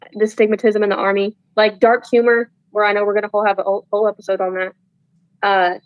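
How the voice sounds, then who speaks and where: A woman's voice: mid-range voice, no echo, rough recording. A young woman speaks as a podcast guest, earnest and candid. She circles back and restarts often. The room sound is dry and close. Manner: earnest, repetitive, with restarts and "like" fillers. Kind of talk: candid conversational advice.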